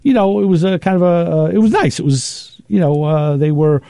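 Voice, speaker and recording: A man hosting a show, telling rambling, animated stories in casual chat and acting out what people said. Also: on the high side, fairly quick, gravelly, dry recording, studio quality. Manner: rambling, animated anecdotes with acted-out quotes. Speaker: show host.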